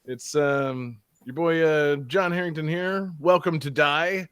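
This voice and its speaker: A man's voice: on the high side, steady tone, measured pace, fairly bright tone, clean tone, no echo. A young man hosting a casual gaming podcast, upbeat and rambling with lots of fillers, on a studio mic. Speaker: podcast host. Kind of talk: casual chat.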